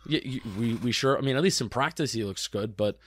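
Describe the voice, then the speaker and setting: A young man co-hosting a casual sports podcast, chatty and quick to agree, often restarting his sentences. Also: mid-range voice. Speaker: podcast co-host.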